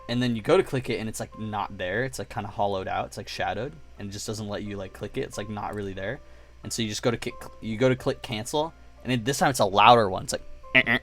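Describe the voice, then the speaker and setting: A man's voice: lowish voice, fast talker. A man chatting casually on his livestream while building models, telling rambling stories, acting out voices and sound effects, and swearing freely. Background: faint music playing.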